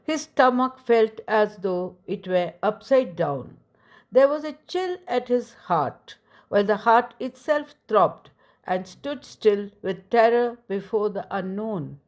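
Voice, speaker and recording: Female audiobook narrator, measured storytelling, unhurried pace. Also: mid-range voice, lively intonation, darkish tone.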